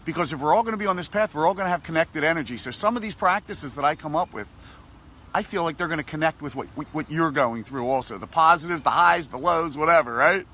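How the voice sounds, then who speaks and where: A man giving a casual motivational talk, animated and repetitive in a coaching tone. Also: fairly high pitch, fast talker. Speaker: motivational vlogger.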